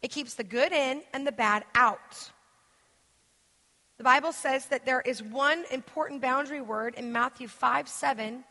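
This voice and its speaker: A woman giving an interactive teaching sermon as a guest speaker, animated, asking the audience questions and acting out quoted voices. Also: high voice. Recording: echoey hall.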